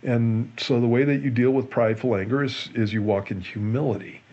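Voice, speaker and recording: A man, a pastor, explaining a Bible passage in a relaxed Q&A show, earnest and often restarting and repeating his words. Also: mid-range voice, brisk, dull audio. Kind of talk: conversational Bible teaching in a Q&A show.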